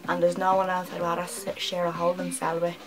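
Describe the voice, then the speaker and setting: A woman playing a brash young Dublin woman with a Dublin accent, telling a loud, sweary story to her friends in a comedy monologue. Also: fairly low pitch, completely flat delivery, fairly quick, over music, close to an everyday voice, poor audio. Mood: gushing.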